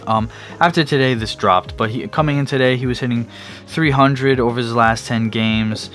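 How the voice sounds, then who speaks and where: A young man hosts his own sports podcast alone, chatting casually and rambling with lots of restarts and fillers, yawning now and then. His voice is medium-pitched and fairly bright, with fairly even intonation at a moderate pace, over faint background music.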